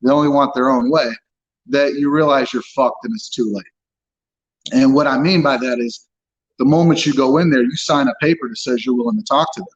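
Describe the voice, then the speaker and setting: A man of ordinary pitch tells his story as an interview guest, blunt and unfiltered, with curse words slipping in as plainly as any other word. The audio is dull and lo-fi. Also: brisk. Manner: blunt, swears freely, frank storytelling. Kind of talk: candid personal account.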